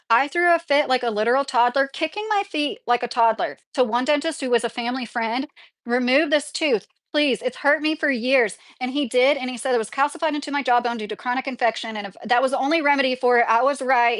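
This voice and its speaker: A woman's voice: fairly high pitch, a bit bright, no room sound, studio quality. A woman from New Jersey hosting a livestream, chatting casually and reading viewer comments, rambling and laughing often. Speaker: livestream host.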